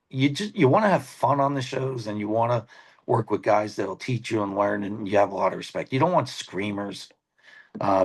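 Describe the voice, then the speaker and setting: A middle-aged man, a veteran cameraman, telling rambling, animated stories over a phone video call. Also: mid-range voice, breathy edge. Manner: rambling, animated, acts out quoted people. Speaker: guest, veteran sports cameraman. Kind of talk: casual anecdotal storytelling.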